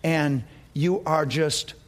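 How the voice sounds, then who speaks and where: A man preaching a sermon as pastor, telling a story dramatically and dropping to low, quiet tones for effect. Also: fairly even intonation, slow.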